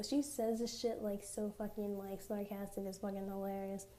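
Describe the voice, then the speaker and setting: A young woman casually recapping a TV episode, chatty and profane, with sarcastic asides and quick acted-out quotes of the characters. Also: medium pitch, little pitch movement, mellow. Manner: acts out characters' lines in quoted voices. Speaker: TV recap vlogger.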